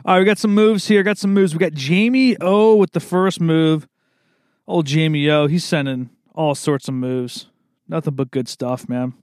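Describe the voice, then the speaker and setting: A young man hosts a loose, rambling solo chat with an easygoing, bro-ish manner, sprinkling "man" and "dude" through every thought. His voice sits a little higher than most men's. The sound is close and dry, with no room echo. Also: steady tone, normal speed, a little mellow. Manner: laid-back, rambling, peppers talk with "man" and "dude". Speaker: podcast host.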